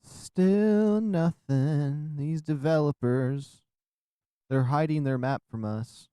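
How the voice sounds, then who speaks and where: This livestream gamer has a mid-range, somewhat slow voice with a dark, clean tone and no room sound. Chatting from his room, he rambles casually to his viewers over the gameplay, slightly breathless and laughing quietly to himself.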